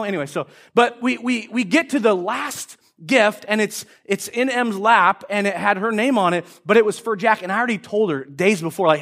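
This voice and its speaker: A male pastor preaching to his church, his voice sitting very high for a man. He tells stories with animated energy and jumps into loud, excited bursts when he acts out children. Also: fairly quick. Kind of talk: sermon.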